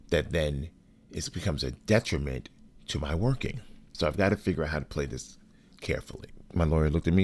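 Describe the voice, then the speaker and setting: A man with an extremely deep, low voice tells a story from his own life. He speaks in a measured, deliberate way and curses bluntly now and then. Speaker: podcast host. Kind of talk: personal storytelling.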